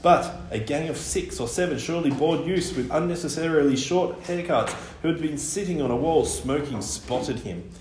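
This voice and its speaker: A man reading a children's story aloud, animated, with wide swings in pitch and loudness. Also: normal speed, hardly any pauses, slight background noise. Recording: echoey room with faint ambience.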